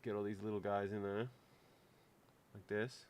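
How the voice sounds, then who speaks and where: Soldering at his home workbench during a maker livestream, a man chats crudely and cracks jokes. His voice sits on the low side, a little mellow and level, at a moderate pace with long pauses.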